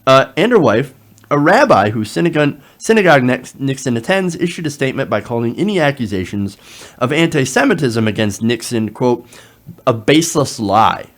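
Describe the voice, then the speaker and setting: Animated, lively-voiced male political commentator. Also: medium pitch, fairly quick. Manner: animated, sarcastic asides, frequent fillers. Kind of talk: reading an article aloud with running commentary.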